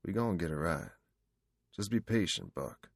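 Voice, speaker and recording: A man doing a sullen young man in an audiobook, a kid who mutters and then fires off quick, loud jokes. The voice is very deep with a gravelly edge, recorded close and dry. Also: lively intonation, no room sound, exaggerated voice. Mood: earnest. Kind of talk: audiobook character voice.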